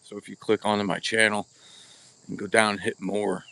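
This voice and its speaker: This bowhunting livestream host talks bluntly with his viewers, greeting them by name from an outdoor archery practice spot. His voice is on the low side, creaky and sharp-toned, with flat delivery at normal speed, picked up by a camera or phone mic with no separate microphone.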